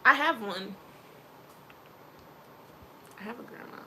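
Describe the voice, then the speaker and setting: A woman vlogger chatting casually to camera, animated and playful, with slangy asides. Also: fairly high pitch, slow, a little hiss or hum.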